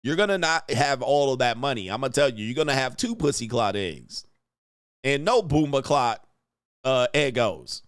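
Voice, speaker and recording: A man in his reaction show, riffing and laughing at a clip in slangy, easygoing talk. His voice sits in a middle pitch and the sound is dry with no room echo. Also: sing-song, moderate pace, clear, resonant tone. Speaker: host reacting to videos. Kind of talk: casual reaction commentary.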